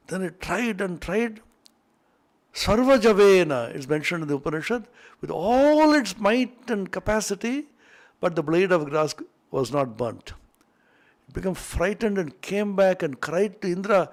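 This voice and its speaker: A man retells an old scripture story to a class, animated and playful, with asides to his listeners. His voice is notably high for a man. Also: unhurried, vocal fry. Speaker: scripture teacher.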